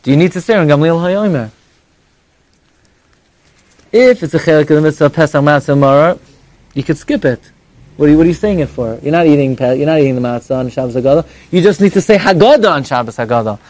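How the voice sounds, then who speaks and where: A man teaching an evening religious class to a live audience. He talks in an animated, conversational way, with rhetorical questions and mock dialogue, and he swings between high exclamations and low asides. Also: dry recording.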